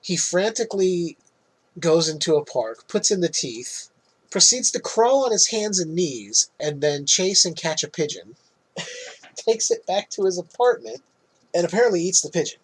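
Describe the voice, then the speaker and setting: Guy on a podcast retelling a movie, kinda high husky voice, swears n laughs a lot. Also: animated, moderate pace, poor audio. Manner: loose, swearing, laughs often. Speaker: podcast co-host. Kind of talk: casual movie recap.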